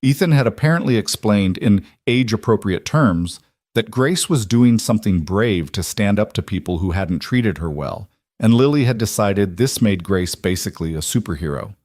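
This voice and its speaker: A man giving scripted narration of a story, even and unhurried. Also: lowish voice, no echo, clean studio sound.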